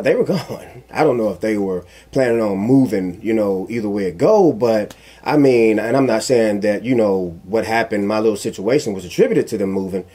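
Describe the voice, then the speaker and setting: A man giving casual commentary, telling a personal story in an animated, emphatic way that repeats phrases for emphasis. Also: mid-range voice, husky. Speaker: commentary vlogger.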